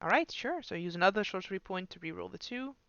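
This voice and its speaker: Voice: mid-range voice, lively intonation, fast, fairly bright tone, no room sound, highs cut off. A game master patiently talking players through an online tabletop game over a computer mic.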